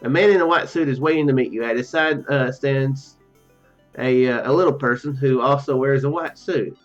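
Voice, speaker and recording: Here a man with a medium-pitched voice reads game text at a moderate pace for casual let's play commentary. He stumbles into restarts, throws in asides and laughs easily, on a muffled, dull recording with faint music from the game.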